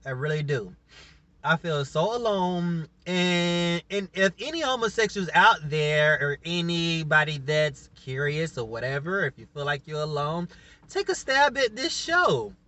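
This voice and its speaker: Casual male vlogger, rambling and emotional, bright, forward tone. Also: on the high side, lively intonation, a little slow, dry recording. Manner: rambling, laughing often, emotional. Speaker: YouTuber reviewing a reality show. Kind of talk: casual reaction vlog.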